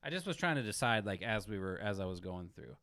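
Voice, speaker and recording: A man musing aloud while practicing for an audition, critiquing himself in halting, self-correcting phrases. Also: lowish voice, big pitch swings, bright, forceful tone. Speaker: musician practicing audition excerpts. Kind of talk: thinking aloud during practice.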